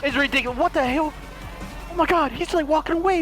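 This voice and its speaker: A man giving excited gameplay commentary, giggling and wheezing with laughter constantly and gleefully taunting other players. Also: extremely high pitch, fast, a loud crowd. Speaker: gaming video creator. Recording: game music playing behind.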